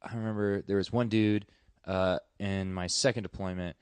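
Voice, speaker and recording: A man's voice: fairly low pitch, fairly even intonation, normal speed, darkish tone, smooth, dry recording. A man in his twenties, a comedian guest, tells rambling, profane stories full of fillers in casual chat.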